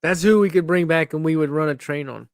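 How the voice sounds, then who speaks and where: A man's voice: a little high, brisk. A man co-hosting a podcast, chiming in with short remarks. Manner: short, dry interjections. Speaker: podcast co-host. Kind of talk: casual chat.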